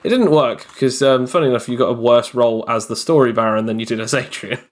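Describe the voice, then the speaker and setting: Animated man telling a game story. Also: medium pitch, fast talker. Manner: animated storyteller, many fillers. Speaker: game master. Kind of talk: casual storytelling chat.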